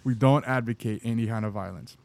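A man's voice: mid-range voice, brisk, creaky, a little mellow, dry recording. A man in casual podcast chat talks in a mid-range voice, easygoing and rambling. He restarts his sentences often as he works out what he thinks. The sound is dry and close. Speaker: podcast co-host.

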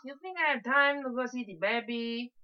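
A woman's voice: on the high side, normal speed, pitched above the performer's own voice, lightly acted. A woman voicing a busy, grumbling old female Italian witch in a poorly put-on Italian accent, on a dull lo-fi recording. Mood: dismissive. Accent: Italian, badly put on.

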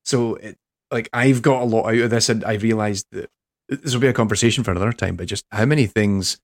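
A man's voice: lowish voice, brisk. An English man hosting a podcast in casual chat, rambling and self-deprecating, with many restarts. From England. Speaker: podcast host.

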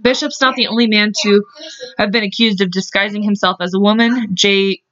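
A woman's voice: mid-range voice, steady tone, brisk, a bit bright, no echo. A woman co-hosting a podcast, reading out history notes with chatty asides. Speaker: podcast co-host. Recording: dull lo-fi podcast audio.

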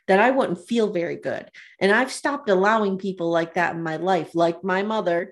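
A woman's voice: mid-range voice, animated, moderate pace. A woman co-hosting a podcast, retelling reality TV scenes in casual chat and laughing often. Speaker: podcast co-host.

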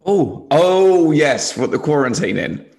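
A man's voice: fairly high pitch, sing-song, takes it slowly, gravelly, a little mellow, breathy edge. A young man from England hosting a casual podcast over a video call, hesitant with fillers and laughing often. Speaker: podcast host.

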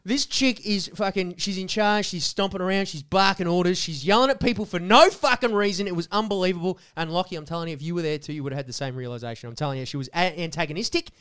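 A man playing a loud, crude segment host who rants with mock outrage. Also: sits high, fast, hardly any pauses, clean tone. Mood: ranting. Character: loud foul-mouthed male segment host with a grudge.

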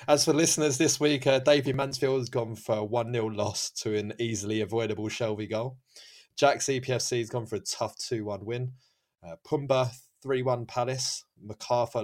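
A man's voice: lowish voice, a little mellow. A man hosting a football podcast, chatting casually with many fillers and frequent laughs. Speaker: podcast host.

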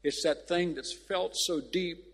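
A man preaches loosely in an old church, drifting through a story with restarts and open emotion. His voice sits a little high and sounds husky. A long reverb trails behind him from the hall. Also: measured pace, a bit bright. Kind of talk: informal sermon.

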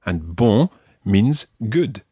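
Scottish male tutor, husky low voice, patient, dry close sound. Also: sing-song, dark tone, no echo. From Scotland. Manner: clear, patient, repeats words slowly for the learner. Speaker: language teacher. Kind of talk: podcast language lesson.

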